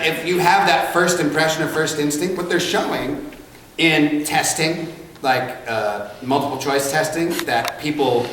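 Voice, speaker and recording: A man's voice: on the high side, fairly bright tone, slight background noise. A man, a voice actor, telling jokey stories at a convention panel. He laughs often and acts out voices. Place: large convention hall. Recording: echoey convention hall from far off, crowd ambience.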